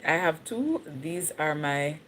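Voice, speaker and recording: A Jamaican woman with a low voice talks casually to viewers on a livestream, slipping into patois now and then. Faint noise sits behind her. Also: animated, slow, fairly bright tone. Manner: chatty, switches into patois, laughs easily. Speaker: livestream host.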